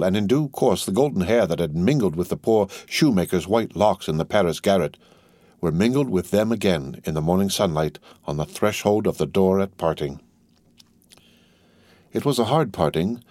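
A man narrating an audiobook in a measured, steady reading voice. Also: sits low, dry recording. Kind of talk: scripted narration.

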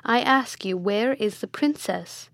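A woman voicing an imperious, quick-tempered prince in a storybook reading, with stern and commanding delivery. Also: fairly high pitch, animated, a bit bright, no room sound. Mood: impatient. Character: imperious hot-tempered male prince, middle-aged tyrant.

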